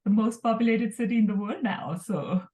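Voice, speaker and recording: A middle-aged woman from India, a guest speaking in a relaxed, thoughtful way with many fillers. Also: a little high, normal speed. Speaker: guest entrepreneur. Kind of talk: casual interview talk.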